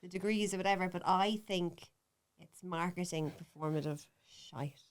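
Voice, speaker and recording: An Irish woman in her thirties, a comedy podcast co-host telling animated, self-mocking stories in casual chat. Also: lowish voice, normal speed. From Ireland.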